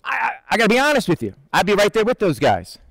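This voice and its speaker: A man preaching a casual, conversational sermon, animated, acting out the people in the story. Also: high-pitched, quick pace, creaky, dry recording, poor audio. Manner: conversational, animated, acts out Bible figures in quotes.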